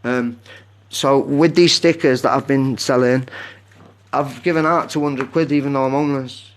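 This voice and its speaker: A man's voice: medium pitch, fairly even intonation, normal speed, a little hiss or hum. Rambling man live-streaming. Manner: rambling, drifts onto tangents. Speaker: livestreamer. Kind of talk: casual live-stream chat. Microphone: phone.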